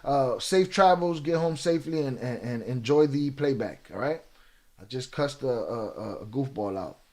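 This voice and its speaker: A middle-aged man hosting a livestream, chatting casually and reading viewer comments in loose street slang with joking asides and pauses. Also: mid-range voice, lively intonation, darkish tone. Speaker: livestream reaction host.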